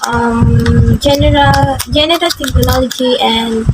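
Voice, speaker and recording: A woman student introducing her own video, speaking haltingly and restarting phrases. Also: high-pitched, steady tone. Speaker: student vlogger. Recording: loud noise and traffic behind.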